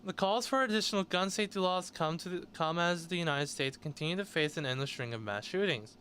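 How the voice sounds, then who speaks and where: A man's voice: on the high side, brisk, pushed and bright. A male host reads news stories aloud in a somewhat raised voice and cuts in with blunt, sarcastic remarks of his own. A faint hum of room noise sits under his voice. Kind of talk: news commentary, reading articles aloud.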